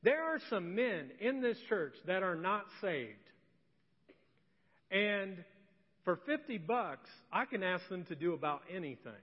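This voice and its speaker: A middle-aged man preaching as a pastor, conversational and joking, moving between loud emphasis and soft emotional storytelling. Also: high voice, very animated, unhurried. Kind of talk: sermon with personal story. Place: church sanctuary. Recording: distant echoey hall, dull sound.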